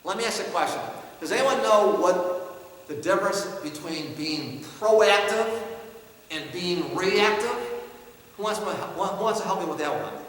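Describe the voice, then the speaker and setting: Male motivational speaker, high and bright, very animated storyteller, live in a reverberant hall. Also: measured pace. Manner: animated storytelling, acting out dialogue with sudden loud and soft swings. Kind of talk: live talk to an audience. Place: large hall with a live audience. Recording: echoey hall.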